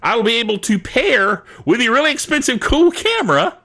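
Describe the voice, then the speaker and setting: A man hosting a casual tech show, excitable and giggly, with jokey asides, talking into a studio microphone. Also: very high-pitched, moderate pace.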